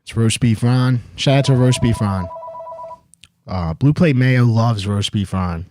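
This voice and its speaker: A man's voice: mid-range voice, measured pace, background noise. A man hosting a call-in sports show, talking in a loose, rambling way with plenty of "um" and "dude.". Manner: laid-back, loose and rambling, lots of "um" and "dude". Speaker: host. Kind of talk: casual sports talk.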